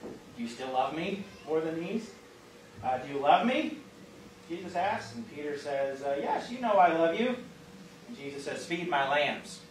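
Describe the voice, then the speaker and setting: A pastor speaks a little slowly in a slightly high, expressive voice with a Midwestern American accent. He leads a Bible study in a church classroom conversationally, using many fillers and asking the group questions. Faint hiss runs through the roomy, distant-mic recording.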